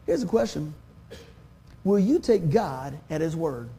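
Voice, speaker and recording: High, gravelly preacher man. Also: lively intonation, a little slow, dark tone. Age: 50s. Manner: folksy, conversational preaching with acted-out quotes. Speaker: pastor. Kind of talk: sermon.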